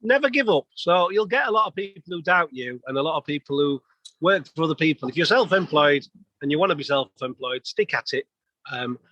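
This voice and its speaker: A man's voice: fairly high pitch, lively intonation, fairly quick, bright, forceful tone, no echo, dull audio. Chatty plumber in his fifties. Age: 50s. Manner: chatty storyteller, many restarts. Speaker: guest, plumber. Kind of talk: casual podcast interview.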